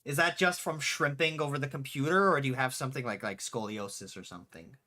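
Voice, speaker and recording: Bright-voiced streamer in late twenties. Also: mid-range voice, fast talker. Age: late 20s. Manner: animated storyteller, swears freely, answers chat aloud. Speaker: streamer and game developer. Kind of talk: casual livestream chat.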